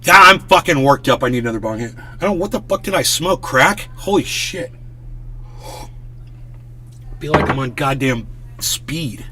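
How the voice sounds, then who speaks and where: A man's voice: medium pitch, expressive, normal speed, pauses often, sharp tone, a little hiss or hum. A man hosting a live stream, ranting in a worked-up, swearing, casual way. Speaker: livestream host.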